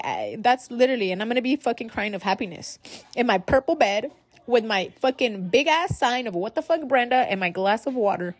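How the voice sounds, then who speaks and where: A chatty young woman hosts her own podcast, swearing freely and speaking straight to her listeners. Her voice sits a little high and is recorded dry and close, with no room sound around it. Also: lively intonation, brisk, no room sound. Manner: loose, profane and chatty, addressing listeners as guys. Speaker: podcast host. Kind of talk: casual solo podcast monologue.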